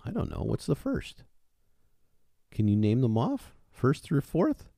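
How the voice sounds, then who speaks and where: A man's voice: medium pitch, huge pitch swings, a little slow, vocal fry, warm tone, no echo, clean studio sound. A man co-hosting a casual podcast, teasing his partner with sarcastic banter. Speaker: podcast co-host.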